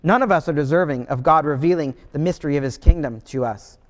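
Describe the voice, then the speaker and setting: A pastor with a notably high voice delivers a sermon fast, telling stories in a relaxed, conversational style. A long reverb from a large hall makes his voice ring out.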